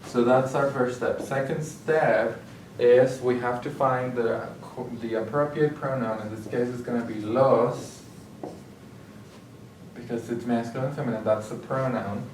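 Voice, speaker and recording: A man tutors step by step, pausing to check in with "okay?" as he explains. His voice sits at an ordinary pitch and sounds a little distant from the mic. The room around him is echoey, with a faint hiss underneath. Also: steady tone, darkish tone. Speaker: Spanish tutor. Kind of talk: recorded grammar lesson.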